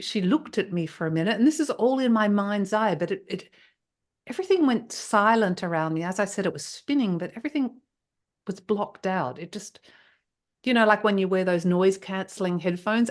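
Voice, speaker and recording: A woman guest in an interview telling a personal story with emotion. She often restarts her sentences and hesitates as she searches for words. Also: medium pitch. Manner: emotional and breathless, with frequent restarts.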